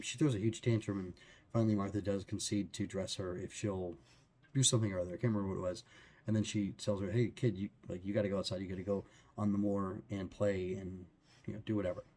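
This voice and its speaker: A man's voice: fairly low pitch, a little mellow, breathy edge. A man talking through a book chapter in a loose, rambling way, with many fillers and restarts. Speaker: book reviewer. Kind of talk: casual book discussion.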